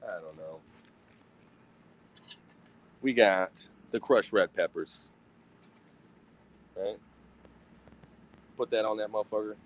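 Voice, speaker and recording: A man's voice: fairly low pitch, slow pace, long pauses, low-quality recording. A man hosting a casual livestream outdoors at a grill, talking in a profane, rambling, self-mocking way into a phone. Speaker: livestream host.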